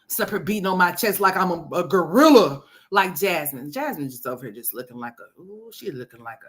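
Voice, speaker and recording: A woman's voice: fairly low pitch, expressive, fairly quick. A woman hosting a gossip commentary livestream, brash and profane, rambling and talking straight to her viewers. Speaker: commentary host.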